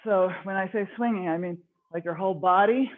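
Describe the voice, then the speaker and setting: Breathy woman coaching a workout, tinny audio. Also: medium pitch, brisk. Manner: encouraging, cueing and counting reps. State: slightly out of breath. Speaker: fitness instructor. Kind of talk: leading a live online workout class. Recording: tinny phone-like online call audio.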